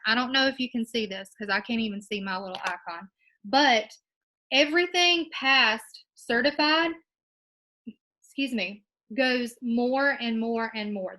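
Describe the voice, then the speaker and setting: A woman's voice: a little high, sharp tone, rough recording. A young woman giving her sales team a casual, encouraging coaching talk, with plenty of ums along the way. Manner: upbeat and encouraging, with many ums. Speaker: direct sales team leader.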